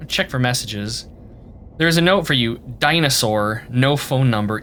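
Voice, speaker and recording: A man's voice: mid-range voice, measured pace, fairly bright tone, slight background noise. A man streaming a video game, reading the game text aloud and reacting playfully.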